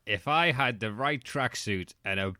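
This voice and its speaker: A man's voice: medium pitch, expressive, measured pace, pushed and bright, no echo, clean studio sound. A man, a young adult, co-hosting a podcast, joking sarcastically and swearing in casual chat. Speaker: podcast co-host.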